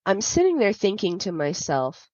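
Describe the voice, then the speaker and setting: A woman's voice: mid-range voice, big pitch swings, moderate pace, a little mellow, no echo. A woman hosting a podcast, telling a personal story in a candid, confiding way with many fillers. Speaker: podcast host. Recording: dull lo-fi dry sound.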